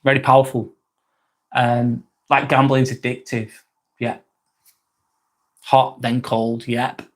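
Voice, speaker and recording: A man's voice: medium pitch, little pitch movement, slow pace. A man hosting a live vlog, talking casually and frankly, swearing often and rambling through restarts as he reads out and answers chat comments.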